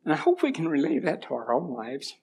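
A man's voice: on the high side, wildly swooping pitch, fairly quick, vocal fry, darkish tone, slight background noise. A middle-aged man giving an informal church talk, mixing homely stories with scripture readings, with a runny nose. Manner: folksy storytelling mixed with scripture reading. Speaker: church speaker.

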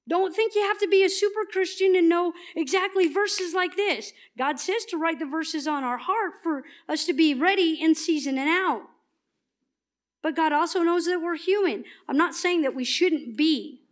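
A woman giving a passionate, emphatic sermon at church that often turns soft and earnest. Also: high-pitched. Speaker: church speaker.

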